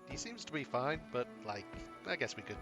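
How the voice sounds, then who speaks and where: A man streaming a computer role-playing game, chatting casually and halting often as he thinks. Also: mid-range voice, big pitch swings. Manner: halting, many restarts and fillers. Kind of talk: casual gameplay chat. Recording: game music behind.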